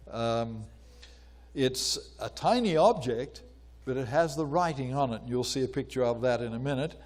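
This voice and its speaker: Lecturing informally on archaeology, an older man talks conversationally with plenty of pauses and fillers, at times doing voices while retelling a story. He sounds on the high side and a little mellow.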